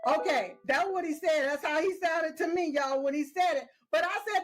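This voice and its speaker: A woman's voice: sits high, normal speed, soft background music. A woman giving casual, opinionated commentary, emphatic and scolding, who keeps repeating "yes, yes" and "uh-huh". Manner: scolding, talks straight at the people she criticizes. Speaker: political commentator.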